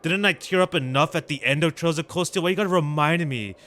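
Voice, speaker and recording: A man hosting a gameplay video, chatting casually and excitedly with viewers in slangy talk while he plays, with faint game music behind him. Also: a little high, fast talker, a little hiss or hum. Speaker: gaming channel host. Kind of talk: casual let's-play commentary.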